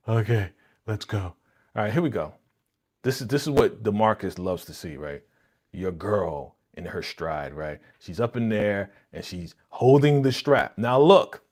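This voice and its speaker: A young man hosting a live reaction stream, talking casually and excitedly with slang and lots of laughter. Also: on the low side. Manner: animated, laughing, slangy, recaps with quoted lines.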